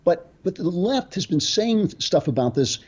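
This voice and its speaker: Husky, impassioned male debater. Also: sits high, sing-song, normal speed. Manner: emphatic, impassioned arguing. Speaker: debate guest. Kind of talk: political debate.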